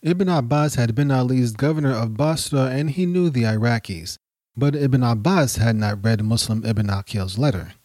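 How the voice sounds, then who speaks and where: A man narrating a history podcast in a measured, dramatic storytelling manner. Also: medium pitch, warm tone, no room sound.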